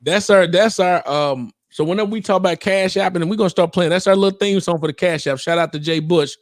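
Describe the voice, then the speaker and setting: A podcast co-host with a slightly high voice, chatting casually and slipping into impressions of people. The sound is dry and close to the mic. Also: male voice, quick pace, dry recording. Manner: animated, mimics people and laughs often. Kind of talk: casual chat.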